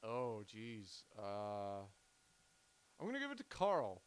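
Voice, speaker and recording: Smooth-voiced young man, casual chat. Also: fairly low pitch, huge pitch swings, takes it slowly. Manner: rambling, filler-heavy, trails off. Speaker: podcast co-host.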